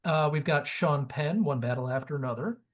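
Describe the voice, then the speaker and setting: A man's voice: fairly high pitch, a little fast, muffled recording. A man hosting a podcast in casual chat, jokey and opinionated, swearing now and then. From Great Lakes region of the US. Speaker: podcast host.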